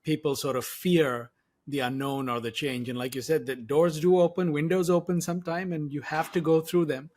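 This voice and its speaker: A man's voice: on the high side, steady tone, moderate pace, darkish tone. A man hosting an interview podcast who affirms his guest, reflects on what she said and asks open questions. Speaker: podcast host. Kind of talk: conversational interview.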